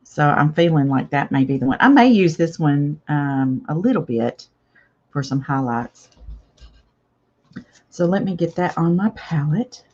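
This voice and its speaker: A woman's voice: low-pitched, animated, a little slow, a little mellow, highs cut off. An older woman hosting a casual live craft chat, chatty and reading viewer comments aloud with frequent laughs. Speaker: craft channel host.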